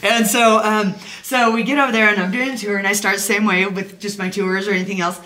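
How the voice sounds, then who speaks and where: A woman's voice: medium pitch, steady tone, fast, a crowd in the background. Casual storytelling tour guide woman, recorded in a reverberant old building. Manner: chatty storyteller, many fillers, laughs easily. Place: inside an old abandoned hotel. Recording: echoey room, faint noise.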